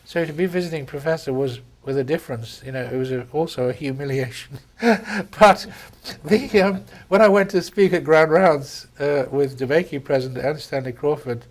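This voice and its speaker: A man's voice: on the high side, moderate pace, hardly any pauses. Older Englishman telling anecdotes. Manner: anecdotal storyteller with frequent ums and restarts. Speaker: surgeon interviewee. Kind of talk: reminiscing in a conversation.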